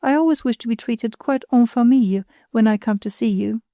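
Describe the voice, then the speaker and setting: A woman's voice: a little high, brisk, warm tone, dry recording, natural voice. A woman reading the part of a pretentious, self-satisfied married woman who chatters condescendingly. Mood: gushing.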